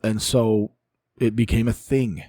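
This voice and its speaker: Exasperated man, low dry voice. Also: fairly even intonation, a little slow, mellow, no echo. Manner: exasperated, ranting, sighs often. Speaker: political commentary host. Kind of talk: casual solo commentary.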